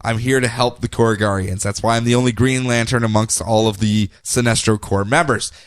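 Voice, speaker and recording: A man co-hosting a podcast, recapping comic books in a casual, animated way. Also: medium pitch, a little fast, clear, resonant tone, no room sound. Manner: animated, acts out character quotes in funny voices. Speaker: podcast co-host.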